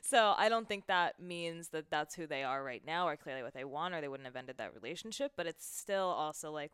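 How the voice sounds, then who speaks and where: A woman's voice: deep voice, expressive, a little fast, hardly any pauses, fairly bright tone, clean tone, dry recording, studio quality. A woman guest talking candidly in a casual home conversation. She is chatty and frank, often filling with "like" and swearing now and then. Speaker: interview guest.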